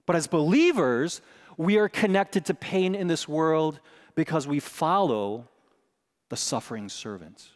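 A middle-aged man preaching a sermon in a chapel and telling a personal story with animated delivery, acting out the voices in his quotes. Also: fairly high pitch, unhurried, big-room sound. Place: large chapel.

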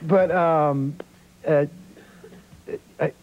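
A talk show guest, an actor from Australia who sounds like a New Yorker, shares stories in a relaxed yet animated way. His fairly high voice moves very slowly, and the sound is the dull lo-fi of 1990s TV tape.

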